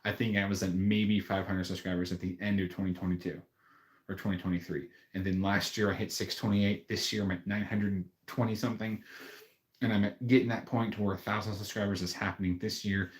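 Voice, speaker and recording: A man with a fairly low voice chats casually on his own livestream, rambling in a friendly way. His voice bounces around an echoey room. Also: flat delivery, fairly quick. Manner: rambling, friendly, with fillers and restarts. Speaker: YouTube livestream host.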